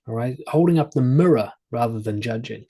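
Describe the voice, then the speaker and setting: Brief: male coach with a husky, mid-pitched voice, relaxed conversational advice talk. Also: brisk. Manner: conversational, plain-spoken, with examples from his own family. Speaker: parenting and confidence coach.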